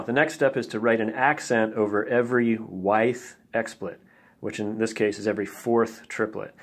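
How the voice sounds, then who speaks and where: A man teaching drums, explaining patiently step by step and counting beats out loud. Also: lowish voice. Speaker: drum teacher. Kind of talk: instructional explanation.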